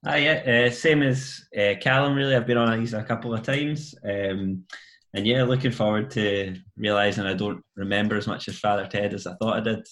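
A man's voice: lowish voice, fairly even intonation, normal speed, fairly bright tone. A Scottish man playing in a casual quiz, good-humoured and laughing often. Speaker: quiz contestant. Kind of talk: casual chat.

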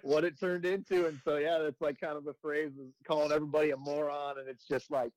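A man in his twenties, a firefighter and comedy video creator, chatting casually and breaking into loud quoted voices as he tells stories. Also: fairly high pitch, fast talker, no echo, poor audio. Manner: animated storytelling, jumps into loud quoted voices. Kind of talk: casual podcast chat.

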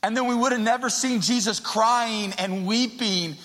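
High-voiced preaching man in reverberant hall. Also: moderate pace. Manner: conversational preaching, swings from quiet to loud. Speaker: pastor. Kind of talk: sermon. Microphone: handheld microphone.

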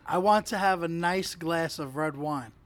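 High-voiced man reading prompts. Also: measured pace, a bit bright. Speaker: co-host. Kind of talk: casual chat.

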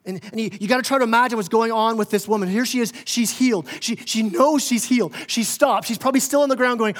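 Guy preaching with a high voice, fired up then hushed, lots of stammered restarts, long church reverb. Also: fast. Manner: impassioned, rising and falling in volume, stammering restarts. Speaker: pastor. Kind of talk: sermon. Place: church sanctuary.

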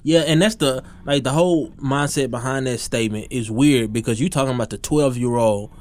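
A man in his thirties talks in a blunt, animated way, swearing through his stories. His voice sits at an ordinary middle pitch. It is recorded dry and close, with no room sound. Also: fairly quick, no room sound. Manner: blunt, animated storytelling, cursing. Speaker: podcast co-host and filmmaker. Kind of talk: casual chat.

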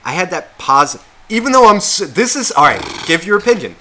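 A man co-hosting a casual podcast, rambling and swearing constantly, often restarting and questioning himself, and growing loud and heated when worked up. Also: high-pitched, very animated, fairly quick, slight background noise. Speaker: podcast co-host.

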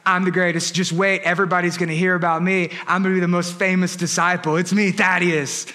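A man's voice: high voice, level tone, a little fast, bright, forceful tone. A man voicing an obscure male disciple who insists, in a self-promoting way, that he will be famous. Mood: insistent. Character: obscure male disciple craving fame, overeager.

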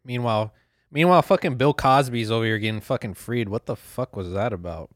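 A man's voice: medium pitch, fairly quick, dry recording. Young male podcast host, profane rambling solo rant, dry close mic. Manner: profane, rambling, laughs at himself.

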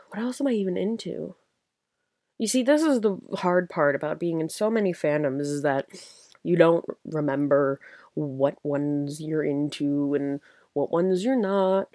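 Deep, warm, and unhurried, this young adult's voice carries her solo podcast, a relaxed fan chat full of giggles and enthusiasm despite her late-night tiredness. The studio sound is clean, without echo.

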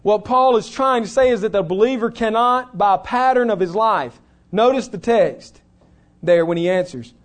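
A man preaches a sermon in a notably high voice. He is earnest and emphatic, leaning on slow, stressed phrases to drive each point home. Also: expressive. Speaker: pastor. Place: church.

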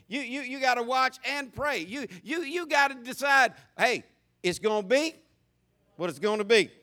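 High, bright preacher man. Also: lively intonation, normal speed. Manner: folksy and humorous, with many stammered restarts. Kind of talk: sermon.

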